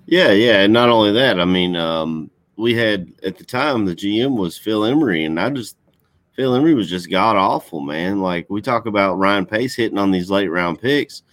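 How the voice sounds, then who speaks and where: A man's voice: on the low side, animated, moderate pace, a bit bright, no echo. A man co-hosting a casual sports talk show over a computer call, blunt and swearing freely. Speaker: podcast co-host.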